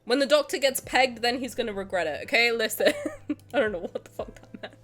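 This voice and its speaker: During a home live stream of game play, a woman chats with her audience, swearing playfully and ranting in mock anger. Her voice is a little high, brisk and fairly bright, over soft background music.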